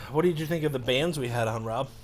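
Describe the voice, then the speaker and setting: A man's voice: mid-range voice, moderate pace, vocal fry, crowd noise. A man making playful jokes in casual group banter. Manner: playful, jokey.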